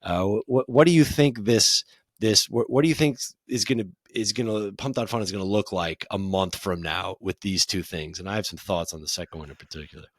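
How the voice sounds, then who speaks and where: A male podcast co-host reads news items and then riffs on them in casual banter. His voice sits low. The sound is dry, with no room echo. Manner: brisk news-read turning into casual banter.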